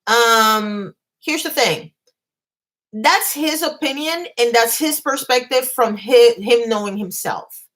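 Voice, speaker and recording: A woman's voice: on the high side, slow pace, a bit bright. A woman hosting a casual live stream from her bedroom, ranting bluntly with swearing and greeting viewers between points. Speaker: commentary channel host.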